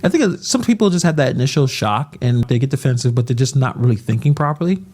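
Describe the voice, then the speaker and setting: A man's voice: medium pitch, lively intonation, fast, noisy background. A man hosting a reaction video, giving opinionated commentary with rhetorical questions.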